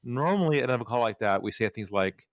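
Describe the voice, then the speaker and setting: Speaking quickly in a mid-range voice, a male sales trainer guesting on a podcast tells stories and acts out the dialogue with plenty of animation. The sound is clean studio audio with no room sound.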